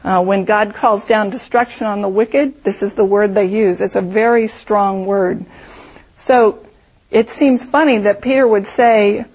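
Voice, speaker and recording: A woman's voice: mid-range voice, steady tone, a little slow, darkish tone, slightly rough, lo-fi sound. A woman teaching a Bible study, explaining the text through vivid storytelling and imagined scenarios.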